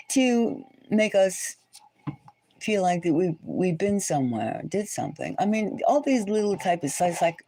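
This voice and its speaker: A woman's voice: mid-range voice, warm tone. A woman hosting a livestream chat, talking in a rambling, indignant way with many restarts, fillers and rhetorical questions. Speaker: tarot channel host.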